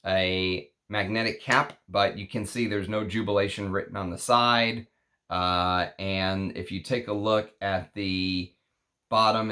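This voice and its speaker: A man's voice: on the low side, fairly bright tone. A man casually reviewing fragrances on his vlog, lingering with enthusiasm over long lists of scent notes.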